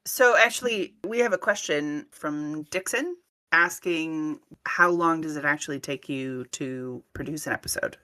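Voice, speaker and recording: A woman's voice: low-pitched, a little slow, bright, forceful tone. A woman chatting casually on a podcast, thoughtful and a little hesitant, putting questions to the host. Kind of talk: casual chat.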